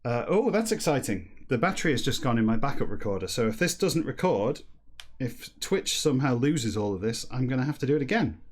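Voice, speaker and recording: A man's voice: medium pitch, big pitch swings. A man hosting a comedy stream, rambling wryly between stretches of reading a book backwards aloud. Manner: chatty, rambling and wry, breaking into silly slow-read dialogue. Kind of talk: livestreamed comedic reading and chat.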